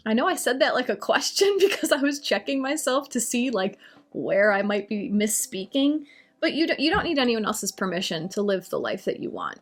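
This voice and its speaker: A woman on a live stream talking about astrology and answering viewer comments in a chatty, reassuring way. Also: a little high. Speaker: astrology and oracle reader.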